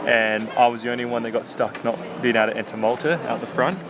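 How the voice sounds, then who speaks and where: A man's voice: medium pitch, fast, background noise. A young man, a boat captain hosting a sailing vlog, telling a long, exasperated story with lots of restarts. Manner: rambling, exasperated retelling with many restarts. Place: on a sailing yacht.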